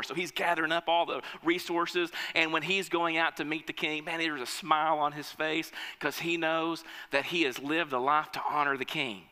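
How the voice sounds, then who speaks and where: A man preaches with a high, forceful, cutting voice, pressing each point as he tells a story. His words carry a long reverb, as if spoken in a large hall. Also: normal speed, few pauses, clear, resonant tone. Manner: emphatic, storytelling, calls on the congregation. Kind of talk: sermon.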